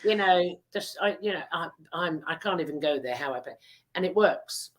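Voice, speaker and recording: A woman's voice: fairly low pitch, lively intonation, moderate pace. A woman hosting a podcast, chatting and telling a story in a rambling, teasing way with many fillers. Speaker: podcast host. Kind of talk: casual chat and storytelling.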